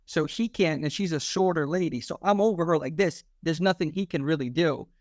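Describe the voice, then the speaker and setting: A man in his thirties with a somewhat high voice tells a story in a slangy, animated way, acting out what people said. The sound is close and dry, with no room around it. He talks like a podcast guest telling his own story. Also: a little fast, dry recording. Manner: animated, slangy, acts out quoted dialogue. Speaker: podcast guest, former police officer. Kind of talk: casual storytelling interview.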